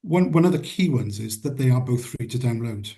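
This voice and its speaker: A man's voice: medium pitch, lively intonation, a little fast, gravelly, mellow. A man being interviewed about trade union work, answering earnestly and restarting his words often. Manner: hesitant, repeats words, earnest.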